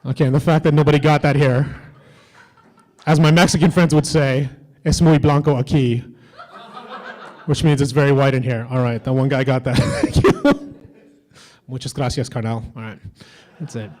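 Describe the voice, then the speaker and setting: A man's voice: mid-range voice, steady tone, fairly quick, a little mellow, poor audio. A man doing a stand-up comedy set on a convention stage, with edgy, teasing banter toward the crowd.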